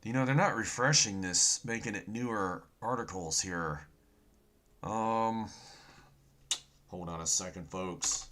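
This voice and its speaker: A man hosting an end-times prophecy channel, talking loudly and excitedly while browsing news, with a sore throat and a habit of saying "folks". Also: lowish voice, slow pace, pauses often, slight background noise. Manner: loud and excited, often yelling, says "folks" constantly.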